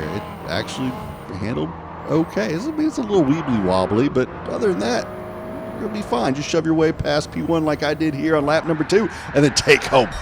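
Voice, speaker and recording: A man's voice: on the high side, gravelly. A man giving casual, joking commentary over racing game footage. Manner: chatty, joking, lively. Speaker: gaming video host.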